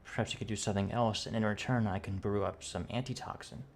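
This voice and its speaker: A man running a tabletop game as game master, talking in a halting way with many fillers and restarts, with a cough. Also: on the low side, steady tone, a little hiss or hum.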